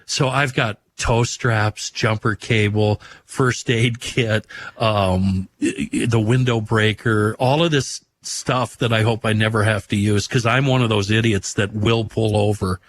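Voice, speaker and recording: A man with a fairly low voice hosts a radio talk show in a casual, folksy way, spinning stories and chuckling along. A faint hum sits under his voice. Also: steady tone, unhurried, hardly any pauses. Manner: folksy storyteller, laughs easily.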